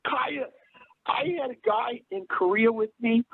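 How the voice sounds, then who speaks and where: A man on a radio panel telling long rambling stories in casual chat, launching into loud impressions. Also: very high voice, measured pace, gravelly, narrow, tinny audio, slight background noise.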